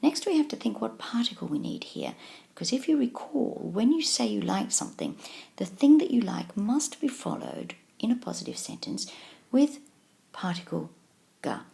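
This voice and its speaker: A woman teaching a language video tutorial, explaining slowly and patiently and encouraging the learner. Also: on the high side, big pitch swings, vocal fry, mellow. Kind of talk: scripted video tutorial lesson.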